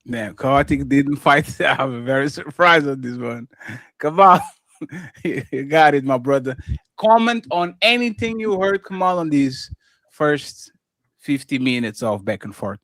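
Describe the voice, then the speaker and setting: A man's voice: a little high, lively intonation, unhurried, fairly bright tone, no room sound. A man hosting a live debate stream, handing off turns in an easygoing way with frequent laughs. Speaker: stream host.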